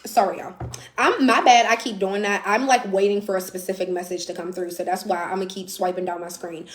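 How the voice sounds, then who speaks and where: A woman's voice: mid-range voice, fairly even intonation, brisk, echoey room. A woman giving a casual, blunt live tarot reading, chatty and swearing now and then. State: out of breath. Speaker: tarot reader.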